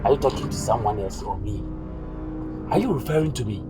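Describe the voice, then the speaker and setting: This youth drama scene has a young adult actor, backed by music, portraying a confused, agitated young man with memory loss who can't recognize those around him. He speaks a little fast in an expressive, medium-pitched voice, acting only lightly.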